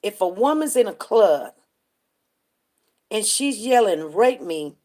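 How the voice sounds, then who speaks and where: A woman's voice: medium pitch, big pitch swings, slow pace, darkish tone. A woman hosting a live stream and telling a story in a casual, chatty way. She keeps breaking off to greet viewers by name.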